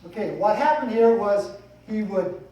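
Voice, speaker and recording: A man's voice: high voice, moderate pace, dark tone. Folksy man giving a eulogy in an echoey hall. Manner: folksy, rambling, with light humor. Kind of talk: funeral eulogy speech. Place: funeral hall. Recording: echoey hall, distant mic, faint noise.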